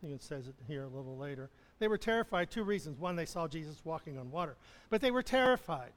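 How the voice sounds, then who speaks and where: A man with a notably high voice delivers a conversational sermon, chuckling and restarting his phrases as he goes. His voice rings out in a church sanctuary with long reverb. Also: expressive, fast talker, fairly bright tone. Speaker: pastor.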